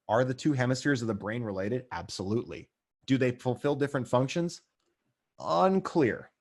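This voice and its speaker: A man teaching as a paramedic instructor in a recorded lecture, speaking conversationally with dry asides and frequent check-ins. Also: fairly low pitch.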